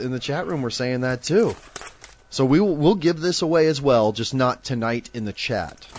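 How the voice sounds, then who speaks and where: A man's voice: mid-range voice, darkish tone, a little hiss or hum. A man in his thirties from Nebraska, co-hosting a live sports card stream in a chatty, joking way. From Omaha, Nebraska. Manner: chatty, jokey, reads off giveaway lists. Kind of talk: casual live-stream chat.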